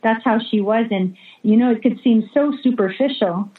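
A woman's voice: fairly high pitch, moderate pace. A woman who is a religious sister, a guest in a remote interview, telling a story with many fillers and restarts. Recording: echoey, phone-like remote call audio.

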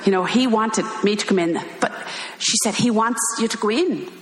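An older Irish woman, a religious sister, telling an animated story and acting out the voices in it. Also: medium pitch, moderate pace. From Ireland. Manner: animated, acts out quoted voices, laughs while telling. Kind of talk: storytelling talk. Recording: echoey hall with long reverb.

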